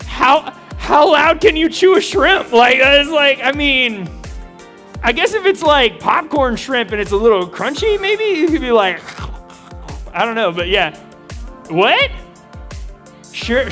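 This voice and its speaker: A young male youth leader with a very high, bright voice, talking in an excitable, joking way to a group of students while music plays faintly underneath. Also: measured pace, long pauses. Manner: animated, joking, talks to a live room. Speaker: youth pastor. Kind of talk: energetic audience interaction.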